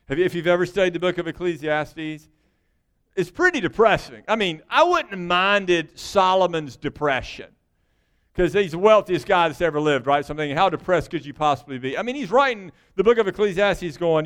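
A man preaching a sermon in a folksy, joking way, his voice swinging between loud bursts and hushed asides. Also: high-pitched, animated, normal speed, clear, resonant tone. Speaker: pastor.

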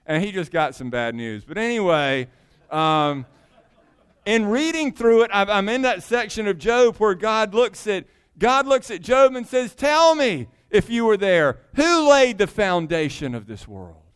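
Preacher guy, high clear voice, chatty sermon with punchy asides. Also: sing-song, unhurried, fairly bright tone. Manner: conversational preaching with emphatic asides. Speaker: pastor.

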